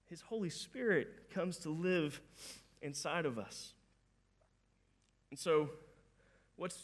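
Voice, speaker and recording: High-pitched male preacher, chatty and animated, acts out quotes, stumbles into his sentences. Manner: conversational, animated, acts out quoted voices, repeats words when starting sentences. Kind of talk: sermon.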